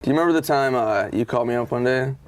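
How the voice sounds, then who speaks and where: A man's voice: mid-range voice, rapid-fire. A man casually telling a story about waiting at a bar, laid-back and swearing freely.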